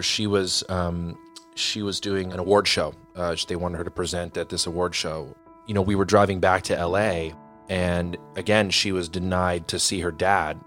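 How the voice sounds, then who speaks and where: A man's voice: sits low, a bit bright. A man recalling events in a casual interview, loose and blunt, with a rambling flow. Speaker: interviewee, ex-boyfriend.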